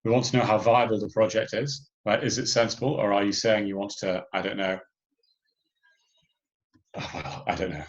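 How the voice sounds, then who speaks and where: A man's voice: on the low side, steady tone, normal speed, long pauses, lo-fi sound. A man organizing a hackathon, explaining the submission and judging rules in a loose online workshop briefing, full of fillers and restarts.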